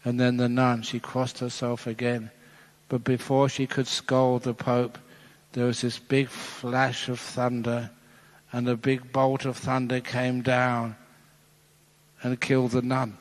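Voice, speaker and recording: Chuckling monk telling jokes in a hall. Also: male voice, mid-range voice, completely flat delivery, slow. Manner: playful, chuckling storyteller. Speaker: Buddhist monk. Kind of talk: dharma talk with jokes. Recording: long hall reverb.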